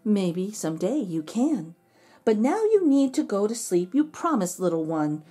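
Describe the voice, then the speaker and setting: A woman voicing a gentle, patient mother donkey in a storybook read-aloud, speaking softly and soothingly. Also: mid-range voice, sing-song, a little slow. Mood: coaxing. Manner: soft and soothing.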